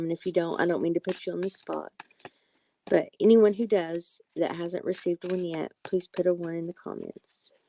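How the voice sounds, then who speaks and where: Soft-spoken woman with a gravelly fry. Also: on the low side, a little hiss or hum. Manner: soft-spoken, affectionate, calls viewers sweetie and honey; apologetic and reassuring. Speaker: livestream tarot and oracle card reader. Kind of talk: live-stream chat, card reading.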